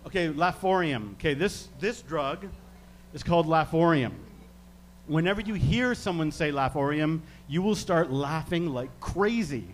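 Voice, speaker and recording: A man from Canada, working as a stage hypnotist, giving slow, soothing suggestions and chuckling between them. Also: on the high side, animated, slight background noise. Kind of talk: live hypnosis demonstration.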